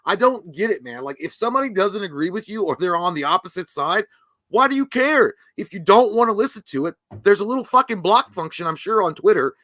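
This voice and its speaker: Male podcast co-host, blunt profane ranter, fairly high and bright. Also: lively intonation, brisk, no echo. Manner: blunt, ranting, crude. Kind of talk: casual profane chat.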